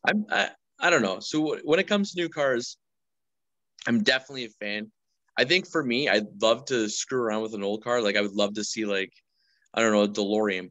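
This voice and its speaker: Low bright-voiced man, laid-back. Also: no echo, rough recording. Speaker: podcast guest. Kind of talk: casual chat.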